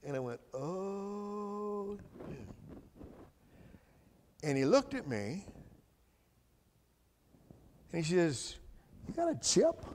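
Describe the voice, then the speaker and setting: High, animated man preaching in an echoey church. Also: very slow, pauses often, slight background noise. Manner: folksy, colloquial and animated storytelling. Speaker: guest speaker giving testimony. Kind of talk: storytelling sermon testimony. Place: church sanctuary. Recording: echoey church hall reverb.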